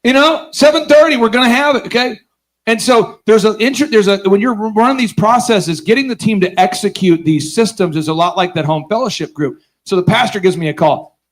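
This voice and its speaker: At a business conference, the male host tells a seminar story to the crowd with energy and sarcasm, voicing his characters and quizzing listeners. His voice sits high and his delivery is brisk.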